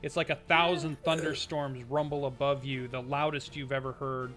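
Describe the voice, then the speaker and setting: A man's voice: medium pitch, normal speed, music in the background. A man acting as dungeon master, narrating the scene and calling turns in a tabletop game. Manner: descriptive, calmly narrating scenes.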